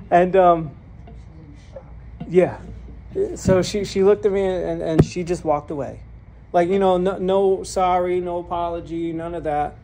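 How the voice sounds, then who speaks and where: Guy telling his testimony in a sermon, kinda gravelly voice, earnest, repeats himself a lot, little bit of room noise. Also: sits high, measured pace, pauses often, a little mellow. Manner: earnest and candid, repeating words as he restarts; self-deprecating, laughs at his own story. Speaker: preacher sharing his testimony.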